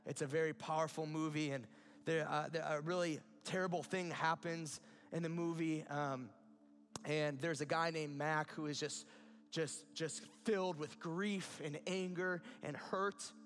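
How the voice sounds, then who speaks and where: A man's voice: fairly high pitch, steady tone, measured pace, fairly bright tone. A man preaching a sermon in an earnest way, building to emphatic peaks. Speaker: pastor.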